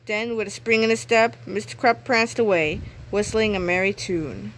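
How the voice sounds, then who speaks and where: A woman reading a children's book aloud in a clear storytelling manner. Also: medium pitch, steady tone, moderate pace, few pauses, a bit bright, poor audio. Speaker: reader.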